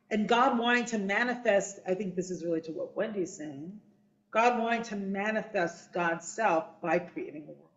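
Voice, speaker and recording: A woman leading a text study discussion, lively and affirming as she moderates speakers. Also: on the low side, creaky. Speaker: discussion leader. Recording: echoey, dull room sound.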